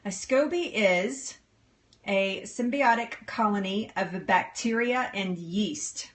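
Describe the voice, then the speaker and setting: A woman's voice: medium pitch, takes it slowly. A middle-aged woman hosting a casual live stream, bubbly and giggly as she answers viewer comments. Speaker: livestream host.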